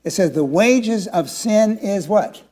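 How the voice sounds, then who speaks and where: Seventy-year-old pastor preaching in a high voice. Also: male voice, animated, slow. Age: 70s. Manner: preaching with rhetorical questions to the congregation, shifting from quiet to emphatic. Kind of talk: sermon.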